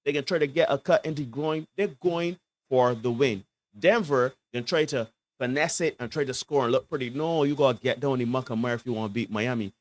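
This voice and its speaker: A man giving emphatic basketball analysis on a sports talk show. He often asks "right?" and swings between low asides and loud, preachy bursts. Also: brisk.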